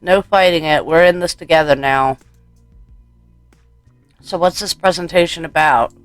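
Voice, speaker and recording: A man's voice: fairly high pitch, unhurried, a bit bright, smooth, no echo, faint music behind. A man reading the part of a doting, unsettling woman in a horror game, full of sugary pet names. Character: doting, unsettling adult woman, motherly, obsessive.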